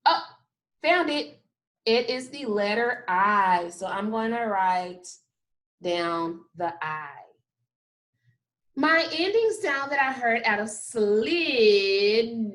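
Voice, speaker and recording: A woman teaching a kindergarten phonics lesson, sounding out letters slowly and praising often. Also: on the high side, lively intonation, fairly bright tone. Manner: slow, drawn-out sounding of letters with frequent praise. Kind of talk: phonics lesson for young children.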